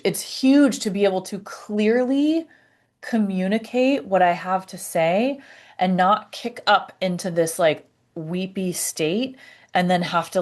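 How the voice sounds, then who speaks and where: A woman talking to camera about her personal healing, halting and searching for words with many fillers and restarts. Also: lowish voice, darkish tone. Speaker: vlogger. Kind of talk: reflective personal talk to camera.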